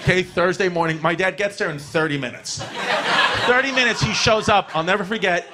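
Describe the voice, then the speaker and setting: Brash, tipsy New comic. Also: male voice, high voice, a little fast, heavy background noise. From New York. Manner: brash and profane, laughing through punchlines. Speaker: comedian. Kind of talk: stand-up storytelling.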